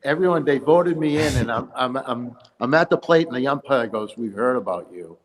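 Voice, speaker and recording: A man's voice: mid-range voice, normal speed. Older man telling stories in a hall. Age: 60s. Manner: animated storyteller acting out quoted umpires. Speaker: guest, amateur baseball player. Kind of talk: casual interview storytelling.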